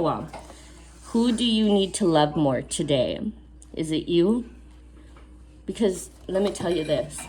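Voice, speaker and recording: A woman giving a spiritual oracle card reading to camera. She reads the card text aloud, then adds earnest, casual asides and repeats key phrases for emphasis. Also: on the low side.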